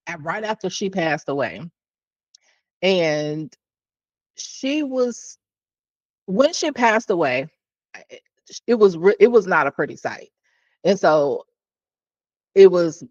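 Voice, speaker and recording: A woman with a low voice hosts a podcast and tells a personal story candidly and conversationally, with restarts and asides to her listeners. The audio is dull, without echo.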